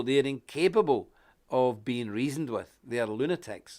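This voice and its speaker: A man's voice: medium pitch, moderate pace. Ranting man, under the weather. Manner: animated, ranting, folksy. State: unwell with a stuffy, inflamed nose. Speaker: guest presenter of a live online show. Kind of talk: live broadcast chat and rant.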